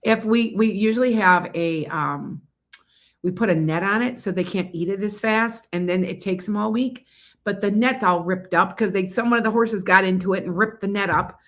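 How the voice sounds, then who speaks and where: A woman's voice: medium pitch, normal speed, fairly bright tone. A woman giving psychic readings on a casual livestream, chatting loosely and often losing her train of thought. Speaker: psychic reader.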